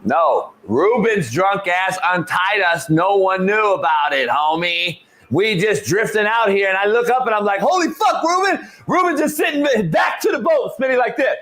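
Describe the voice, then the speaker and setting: Male podcast host, high-pitched, animated storyteller, casual swearing. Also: moderate pace. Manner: animated storyteller, swears freely, says "homie" a lot. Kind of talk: casual chat.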